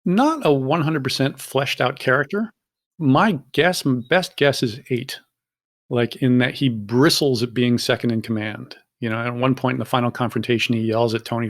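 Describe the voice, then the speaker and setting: A man's voice: medium pitch, moderate pace. A man with a mid-range voice talks through his views on a podcast. He speaks fluently and reflectively, in a casual tone. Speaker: podcast co-host. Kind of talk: casual discussion.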